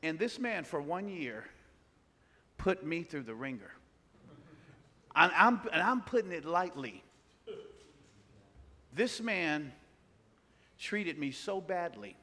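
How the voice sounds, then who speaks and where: Animated preacher in a reverberant hall. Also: male voice, a little high, slow pace, long pauses. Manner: animated, acts out voices in his story. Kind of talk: storytelling sermon.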